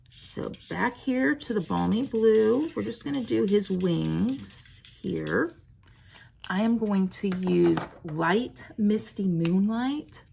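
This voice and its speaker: A woman talks viewers through a stamping project, unhurried but with a lively, swooping pitch. Her voice has a gravelly fry at times, and she coos eagerly over each finished piece. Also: slight background noise. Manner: chatty and excitable, cooing over her work. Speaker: stamping crafter demonstrating a card. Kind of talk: casual craft tutorial.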